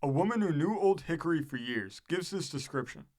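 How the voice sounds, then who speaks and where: A man reads a historical book aloud as an audiobook narrator. His voice sits a bit high for a man, and his delivery is measured and steady.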